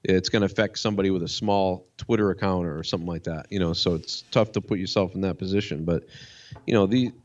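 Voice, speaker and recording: A man, a comedian, chatting casually as a guest, rambling and swearing as he tells a story excitedly. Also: low-pitched, fast talker, muffled recording. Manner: profane, rambling, excitable ranting. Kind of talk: casual chat.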